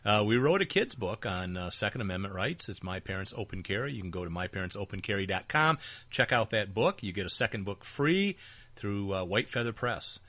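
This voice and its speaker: A man's voice: lowish voice, big pitch swings, fairly quick, bright, forceful tone, no echo. A man co-hosting a casual political talk show, joking and teasing his partner, with frequent fillers and restarts. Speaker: podcast co-host. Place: small back-room studio.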